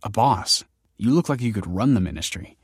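A man's voice: on the low side, lively intonation, normal speed, husky, no room sound, clean studio sound. A man voicing an earnest, troubled young man who talks in a glum, self-deprecating way.

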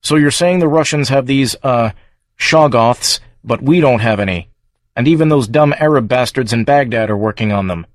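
A male narrator voicing a congressman who questions a witness bluntly and demandingly, a bit higher than his narration. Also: animated, moderate pace, no echo, clean studio sound, close to an everyday voice. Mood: incredulous. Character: gruff male congressman interrogator.

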